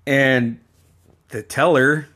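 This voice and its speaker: A man's voice: medium pitch, fairly even intonation, extremely slow, sharp tone. A man from Alaska hosting a podcast, telling personal stories in a rambling, casual way, laughing often and swearing freely. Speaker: podcast host.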